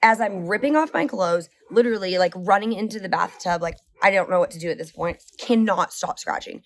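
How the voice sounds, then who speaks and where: A woman vlogger telling a story to camera in a casual, rambling way, full of "like" fillers and swings in pace. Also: mid-range voice. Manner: animated, rambling, heavy use of "like"; speeds up and slows down often.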